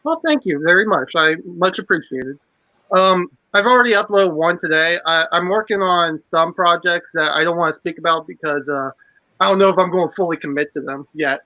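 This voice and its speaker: A man's voice: on the high side, fairly quick, sharp tone, no room sound, low-quality recording. A man guesting on a casual stream, speaking politely and hesitantly. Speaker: guest artist. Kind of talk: casual chat.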